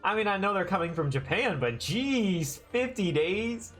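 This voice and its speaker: A chatty male streamer reacts in casual, slangy bursts while playing through a story game. His voice swings widely in pitch. Game music plays clearly underneath. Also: lively intonation, a little slow, fairly bright tone.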